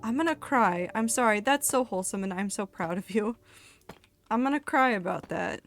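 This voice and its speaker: A woman's voice: medium pitch, lively intonation, moderate pace. A young woman streamer chatting candidly while she plays, swearing casually and reading chat messages aloud. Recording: faint music behind.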